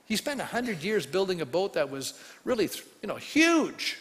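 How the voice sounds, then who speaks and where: A man preaching a sermon as pastor, telling stories with animation and acting out quoted voices, swinging from loud to hushed. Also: sits high, sing-song, normal speed, long reverb tail.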